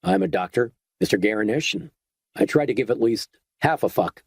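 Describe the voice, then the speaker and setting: A level-headed doctor answers calmly with a dry edge, in a plain mid-range man's voice, as an audiobook narrator voices him. The recording is close and dry. It is a horror audiobook read. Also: mid-range voice, normal speed, slightly rough, no room sound.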